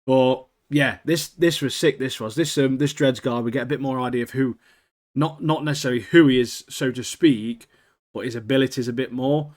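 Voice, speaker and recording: A man's voice: medium pitch, moderate pace, a little mellow. A man, co-hosting a casual anime podcast, rambling and laughing as he talks. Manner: rambling, laughs often, lots of "like" and "mate". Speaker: podcast co-host.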